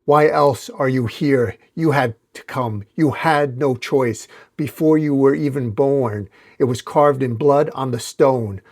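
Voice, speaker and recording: A man voicing a brutal, commanding male cult leader in a comic read-aloud, with booming shouted declarations. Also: slow pace, hardly any pauses. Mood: menacing.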